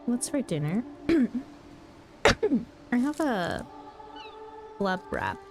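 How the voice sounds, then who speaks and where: A woman streamer, not a native English speaker, chatting in a friendly way with viewers and often clearing her throat. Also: medium pitch, sing-song, very slow. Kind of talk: casual chat with viewers. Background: background music.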